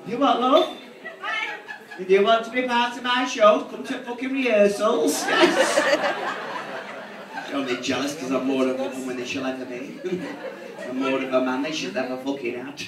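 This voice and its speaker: Brassy drag comic, echoey live hall. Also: male voice, fairly high pitch, moderate pace. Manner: brassy, crude and bawdy, teasing the audience. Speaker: drag comedian. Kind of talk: live stand-up drag comedy. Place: live theatre stage. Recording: echoey hall from far off with crowd. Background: audience laughter.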